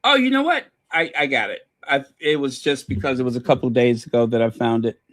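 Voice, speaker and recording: A woman's voice: rumbling low, lively intonation, brisk, no room sound, studio quality. A woman hosting a casual commentary channel, chatting and teasing while fumbling to find clips.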